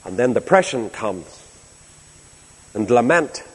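A man preaching a sermon, reading scripture in old English and dropping to a slow, hushed emphasis. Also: medium pitch, big pitch swings, husky. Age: over 60. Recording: long hall reverb.

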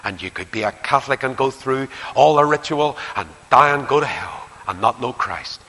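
An older man with a Northern Irish accent preaching a sermon and leading prayer, earnest, swinging between emphatic lines and hushed near-whispers. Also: medium pitch, animated, normal speed, few pauses. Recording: long hall reverb, faint hiss.

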